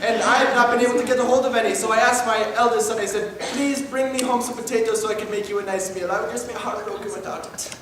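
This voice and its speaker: Guy doing a fussy mom voice, high falsetto, dramatic, echoey and far off, live stage. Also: steady tone, quick pace, hardly any pauses, background noise. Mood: earnest. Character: doting, fussy middle-aged mother obsessed with potatoes. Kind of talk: improv comedy character.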